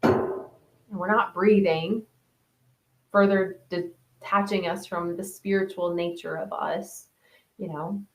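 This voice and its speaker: A woman's voice: lowish voice, steady tone, slow pace, long pauses, slight background noise. A woman hosting a live online wellness group, chatting casually as she reads out participants' comments and answers them. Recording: roomy echo.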